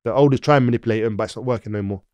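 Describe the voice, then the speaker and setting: A podcast guest from London, England, with a London accent, tells rambling stories in a casual interview, peppering them with "like" and the tag question "yeah?" His mid-range voice is rapid-fire and a little mellow, recorded with no echo and dull audio.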